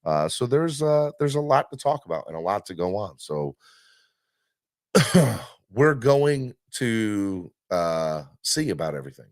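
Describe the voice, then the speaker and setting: A man hosting a live sports fan podcast, talking in an animated, rambling way with many fillers. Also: fairly low pitch, a little slow, no room sound, studio quality. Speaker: podcast host.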